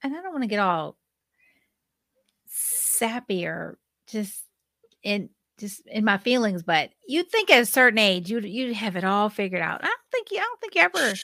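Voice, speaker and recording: Bright, chatty woman co-host. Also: mid-range voice, big pitch swings, normal speed, creaky, dry recording, clean studio sound. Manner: laughs easily, teasing, chatty. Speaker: podcast co-host. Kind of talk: casual chat.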